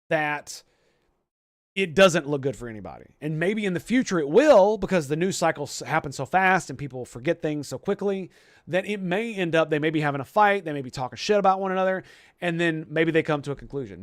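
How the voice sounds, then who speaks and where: A young man with a somewhat high voice, riffing in casual commentary. He rambles, swears freely and keeps restarting his sentences. The sound is dry and close. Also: dry recording. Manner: rambling, profane, many restarts. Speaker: streamer host.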